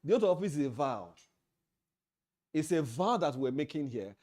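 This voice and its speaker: A man with a Nigerian English accent delivers a leadership training lecture to officials. His voice is mellow and warm, and he speaks emphatically. He hammers his points home by repeating key phrases. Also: a little high, sing-song, moderate pace. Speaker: leadership trainer at an association meeting. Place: meeting hall.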